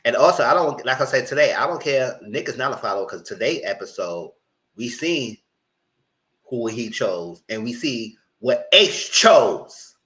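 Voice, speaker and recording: Sassy, lively man recapping reality TV. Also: unhurried. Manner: sassy, blunt, slangy, breaks into mocking high voices. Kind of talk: live recap commentary.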